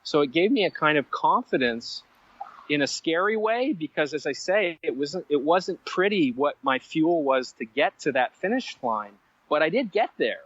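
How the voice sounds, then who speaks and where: A man telling stories as a podcast guest, animated and self-mocking, drifting into side stories. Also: a little high, normal speed, dull audio. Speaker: guest writer. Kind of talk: conversational storytelling.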